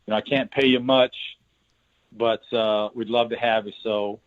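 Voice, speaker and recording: A man's voice: on the low side, steady tone, normal speed. A middle-aged man, a basketball coach, telling his career story in a casual interview, rambling and restarting his words. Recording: tinny phone-line sound.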